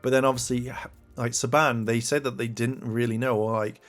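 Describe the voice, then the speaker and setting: A man talks his way through his opinions in a loose, rambling style, leaning on fillers like "like" and "you know." His voice sits at a middling pitch, with faint music playing beneath it. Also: fairly even intonation, normal speed, a bit bright. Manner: rambling, many fillers, rises in pitch when exasperated. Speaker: commentary channel host. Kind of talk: casual opinion commentary.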